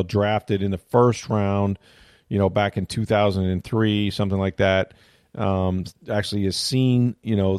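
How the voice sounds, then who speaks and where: A man's voice: lowish voice, a little mellow, dry recording, clean studio sound. A middle-aged man hosting a sports talk show, telling a story in a casual, rambling way and interrupting himself often. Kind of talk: casual chat.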